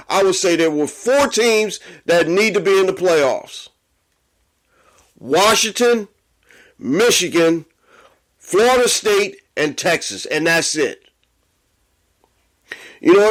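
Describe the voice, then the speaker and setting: A man's voice: high-pitched, fairly bright tone. A man hosting a sports podcast, ranting angrily and swearing a lot as he gets worked up. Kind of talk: profane sports rant.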